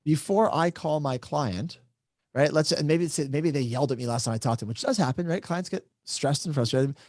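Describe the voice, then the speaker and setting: Fast-talking man, dry close sound. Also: medium pitch, darkish tone, dry recording. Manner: brisk, explanatory, keeps adding "right?". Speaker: moderator, real estate agent. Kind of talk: casual discussion.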